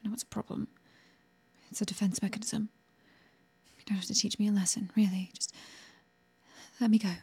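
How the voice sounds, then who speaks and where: A woman voicing a sharp-tongued young woman in an adult audio role-play, sarcastic at first, later stammering and pleading. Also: medium pitch, little pitch movement, fast talker, creaky, long pauses, breathy edge, exaggerated voice.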